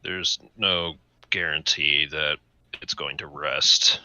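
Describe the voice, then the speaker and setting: A man with a low voice and a sharply bright, forceful edge talks through a tabletop role-play in character. He explains things in a measured way. His voice comes through a dull, dry online mic. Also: steady tone, dry recording.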